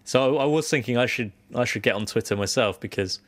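A man's voice: medium pitch, quick pace, dry recording. A man from Guernsey co-hosting a podcast, chatting casually with dry, wry teasing humor. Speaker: podcast co-host. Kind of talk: casual chat.

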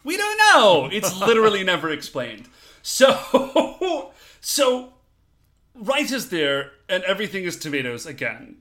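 A man co-hosting a podcast, chatting casually as he recaps a TV episode, animated and laughing as he acts out quotes. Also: high-pitched, measured pace. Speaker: podcast co-host.

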